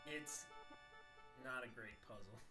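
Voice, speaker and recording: A man hosting a casual let's-play, making dry, deadpan remarks. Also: medium pitch, slow, over loud music. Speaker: game channel host.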